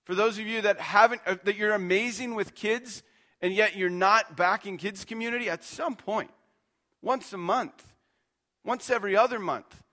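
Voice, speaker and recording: A man's voice: high voice, moderate pace, sharp tone. A man preaching a sermon as pastor, earnest and conversational, repeating his points and checking in with the listeners.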